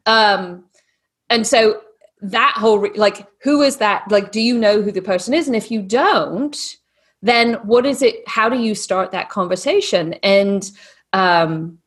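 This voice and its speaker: A woman with a blended British and Texan accent that sounds Australian, speaking as a podcast guest in a lively, animated way. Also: medium pitch, a little slow, breathy edge. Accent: mixed British and Texan, sounds Australian. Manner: lively, animated storytelling with put-on voices. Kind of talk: casual podcast interview.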